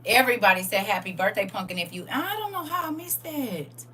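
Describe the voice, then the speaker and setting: A woman hosting a live-streamed Bible study, preaching in a lively, playful way and answering viewers' comments. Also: mid-range voice, brisk, slight background noise.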